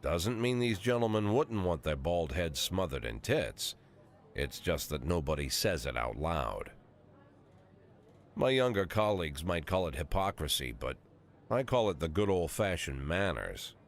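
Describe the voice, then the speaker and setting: A man's voice: low voice, very animated, measured pace, full character voice. An actor in his sixties playing a cynical, aging male police chief, narrating a video game in a dry, crude, world-weary way. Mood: wry. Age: 60s.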